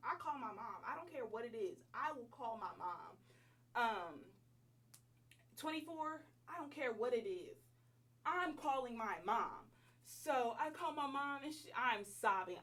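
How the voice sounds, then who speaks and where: Twenty-something girl venting a storytime at home, kinda high voice, a bit far from the mic. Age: 20s. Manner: animated, slangy, emphatic storytelling. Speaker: vlogger. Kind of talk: casual storytime chat.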